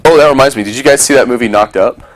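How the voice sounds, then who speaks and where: A man's voice: mid-range voice, racing. A man talking casually to a small group, telling a story and acting out other people's voices, swearing freely.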